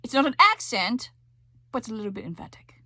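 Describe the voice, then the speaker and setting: A woman's voice: on the high side, big pitch swings, fast talker, bright, forceful tone, no room sound. A woman teaching a voice lesson, coaching with frequent check-ins and sung demonstrations. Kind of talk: singing lesson explanation.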